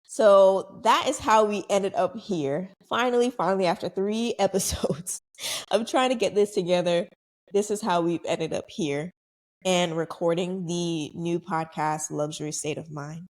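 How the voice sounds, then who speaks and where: Young woman chatting on her podcast, loose and animated, does little voices for people. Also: unhurried. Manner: chatty, animated, acts out quoted voices higher. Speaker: podcast host. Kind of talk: casual solo storytelling.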